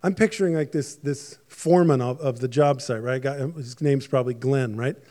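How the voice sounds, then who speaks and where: A man's voice: medium pitch, moderate pace, warm tone. A man preaching a sermon in a conversational, joking way, with frequent asides to the congregation. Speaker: pastor.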